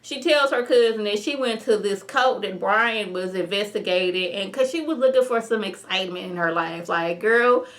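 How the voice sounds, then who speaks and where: A woman's voice: mid-range voice, moderate pace, hardly any pauses. Chatty woman recapping a TV episode. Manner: animated, chatty, acts out characters' lines, many "like" fillers. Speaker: TV review vlogger.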